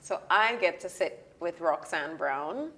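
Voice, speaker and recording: A woman interviewing an award honoree at an event, introducing her guest in a measured way. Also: fairly low pitch, lively intonation, sharp tone, soft background music.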